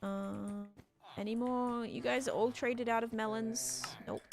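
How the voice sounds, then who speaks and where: A woman's voice: a little high, fairly even intonation, slow pace. Australian woman, game streamer, rambling casual chat with viewers, faint music behind. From Australia, Sydney. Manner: chatty, rambling, reads out and answers chat.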